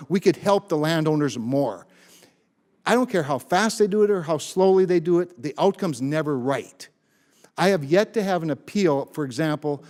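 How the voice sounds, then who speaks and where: A man's voice: fairly high pitch, a little mellow. A man speaking as a senator at a committee meeting, delivering floor remarks with emphatic stress on key words.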